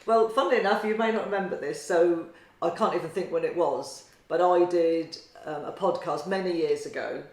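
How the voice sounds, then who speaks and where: A woman with a Norfolk accent and a very deep, booming voice chats around a kitchen table. She tells stories freely and lets her phrases fade off quietly. The room rings with a noticeable echo. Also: a little fast, few pauses. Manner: chatty storyteller, trails off quietly at ends of phrases. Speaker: podcast co-host, tarot reader and meditation teacher. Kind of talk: casual chat.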